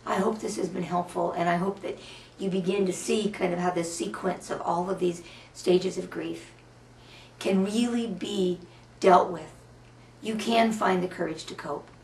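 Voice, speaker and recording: A woman counselor leading a guided tapping exercise, speaking slow soothing affirmations with repeated phrases. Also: lowish voice, fairly even intonation, creaky, darkish tone, slight background noise. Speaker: EFT practitioner and counselor. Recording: roomy, from a distance.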